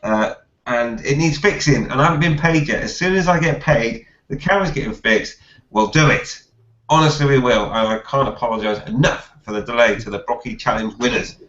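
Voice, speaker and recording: A man hosting a casual live chat, reading viewer comments aloud haltingly and laughing often. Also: mid-range voice, a bit bright. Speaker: host reading viewer questions. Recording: roomy, dull lo-fi live stream audio.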